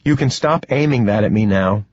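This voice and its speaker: Undead man, level-headed and protective, husky and low, narrator's own voice, dry dull recording. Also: normal speed, no echo, close to an everyday voice. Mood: steady. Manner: calm, matter-of-fact. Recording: dull, dry, slightly muffled.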